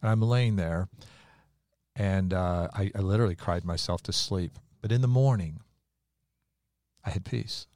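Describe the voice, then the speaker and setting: Earnest deep-voiced pastor telling his story. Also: measured pace, long pauses, darkish tone, dry recording, studio quality. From United States. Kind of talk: conversational faith talk.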